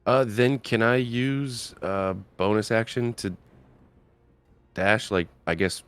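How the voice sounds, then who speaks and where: A man playing a tabletop game, speaking in a hesitant, halting way as he plans his character's moves. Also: lowish voice, a bit bright, smooth. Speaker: player. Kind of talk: casual chat in a tabletop game.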